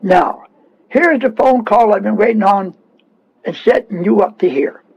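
A man with a high, husky voice preaching a radio sermon. He scolds and repeats himself with fervent insistence. The broadcast sound is dull and muffled. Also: measured pace.

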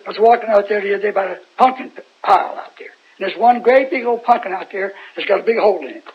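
Very high-voiced folksy preacher man. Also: quick pace, slightly rough. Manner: folksy, rambling, asks the congregation questions. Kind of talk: informal Bible sermon. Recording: dull lo-fi recording.

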